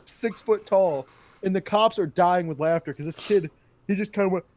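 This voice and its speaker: A man's voice: high voice, moderate pace, darkish tone, a little hiss or hum. A young man telling a profane story to friends on a casual podcast, rambling and often laughing. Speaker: podcast host.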